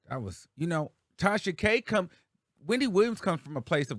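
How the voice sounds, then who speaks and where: A man's voice: high voice, normal speed, no room sound. A talkative man hosting a casual commentary show, his voice rising and dipping with lots of life. He speaks in a loose, slangy way to his viewers, and the sound is dry and close. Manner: animated, chatty, slangy.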